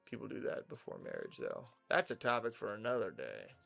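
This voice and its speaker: A young man streaming a game, chatting casually and drifting from topic to topic with filler pauses. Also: fairly low pitch, huge pitch swings, vocal fry, a bit bright, faint music behind. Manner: rambling, digressive, with filler pauses. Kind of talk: casual commentary while playing a game.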